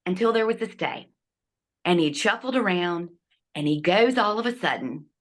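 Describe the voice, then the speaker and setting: A middle-aged woman, a guest telling a personal story with lively delivery and hushed asides. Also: on the low side, normal speed. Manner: animated, acts out quotes, drops to hushed asides.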